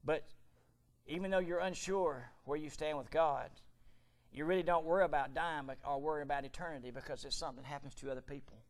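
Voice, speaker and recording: A middle-aged man preaching a fervent sermon in a church, swinging from quiet storytelling to loud shouting. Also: a little high, steady tone, quick pace. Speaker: pastor. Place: church sanctuary.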